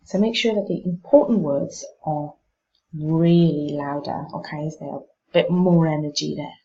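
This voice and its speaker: A woman teacher giving exam tips on pronunciation, demonstrating word stress slowly and with care. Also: low-pitched, dark tone, dull audio.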